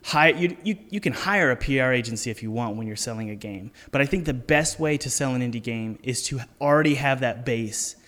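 A man hosting a relaxed podcast conversation, talking earnestly and leaning on key words as he gives advice. His voice sits at an ordinary middle pitch, and a long hall-like reverb trails after each phrase. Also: fairly quick, few pauses. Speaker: podcast host and indie game developer. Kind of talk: casual interview chat.

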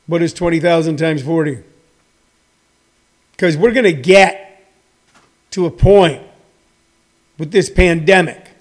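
A man in his sixties who runs a comedy school, talking in a rambling, joking monologue full of fillers. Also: on the high side. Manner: meandering, joking, many fillers.

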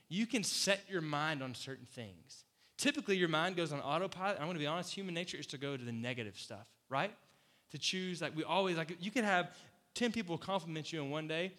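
A pastor delivers a casual, conversational sermon in a fairly high voice, animated and laughing often as he acts out quoted voices. The recording carries a long hall reverb.

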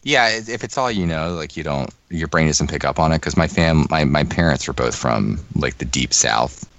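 A man in casual podcast chat, relaxed and quick to agree. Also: very deep voice, no echo, muffled recording.

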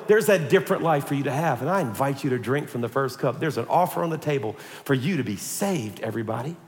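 A man pastor delivering an energetic, animated sermon to his congregation, calling for amens. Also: a little high. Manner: energetic, animated preaching with call-and-response. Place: church sanctuary. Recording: echoey church hall.

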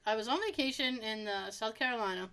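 A woman's voice: fairly high pitch, fast talker, fairly bright tone, clean tone. A woman co-hosting a podcast, telling a story in casual chat with frequent laughs and fillers. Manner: chatty storyteller, laughs often, many fillers. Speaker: podcast co-host.

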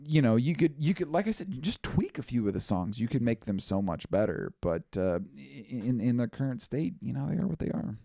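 A man's voice: medium pitch, very animated, brisk, gravelly, hardly any pauses, mellow, no echo, clean studio sound. A man co-hosting a music podcast in casual chat, rambling with lots of "like" and "you know" and casual swearing. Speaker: podcast co-host.

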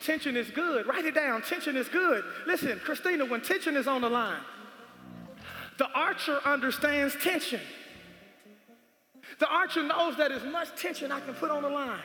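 A man preaching a sermon, emphatic and repetitive, calling for responses and rising to shouts. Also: very high voice, normal speed. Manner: rises to shouts at peaks. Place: large church hall. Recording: echoey hall with music behind. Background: music.

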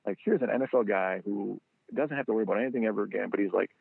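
Founder guest, male, low gravelly voice, animated storyteller, dry phone-line sound. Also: very fast, no echo. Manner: animated storyteller, acts out quotes in a higher voice. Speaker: guest, football training product founder. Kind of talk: casual storytelling interview. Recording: tinny phone-line audio.

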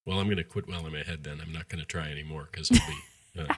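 A man co-hosts a podcast and explains with dry wisecracks. His very low voice is husky yet has a bright, forward edge. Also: steady tone, quick pace. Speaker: podcast co-host. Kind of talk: casual podcast chat and explanation.

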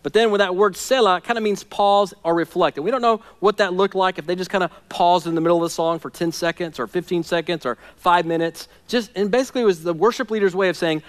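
A pastor delivers a sermon in a notably high-pitched male voice. He talks earnestly and conversationally and keeps turning to his listeners with direct questions. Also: quick pace, hardly any pauses.

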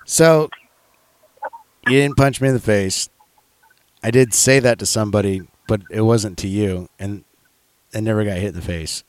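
A man's voice: fairly low pitch, moderate pace, long pauses, no echo. Profane rambling guy telling a story. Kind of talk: casual storytelling chat.

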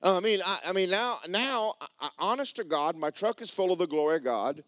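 A pastor, preaching a sermon and telling a personal story with emotion, often repeating himself and speaking straight to the congregation. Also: male voice, high-pitched, animated, fairly quick, a bit bright, no room sound, clean studio sound.

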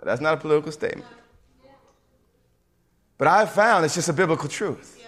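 A man preaching a sermon with a high, lively voice that swings up and down. He talks emphatically, with asides and quick restarts, and his voice rings with the long reverb of a large hall. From suburbs.

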